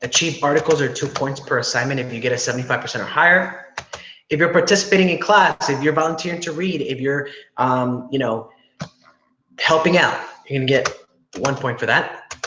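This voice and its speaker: A young man teaches a class by video call in a medium-pitched voice, fairly quickly, laying things out step by step. He often says "right?" to check understanding, and the recording has room echo and faint noise.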